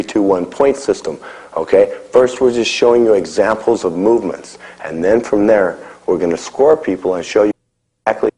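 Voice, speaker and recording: A middle-aged man teaches a martial arts class live, calling out drills to his students and coaching them with frequent checks of "okay?". His voice is on the low side and dark in tone, and the audio quality is poor.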